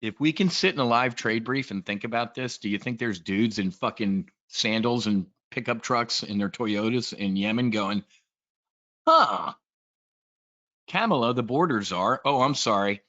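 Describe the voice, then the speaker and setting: A man's voice: on the low side, normal speed, hardly any pauses, fairly bright tone, muffled recording. A man giving a casual, blunt and profane trade briefing, talking in a rambling way as a trading educator.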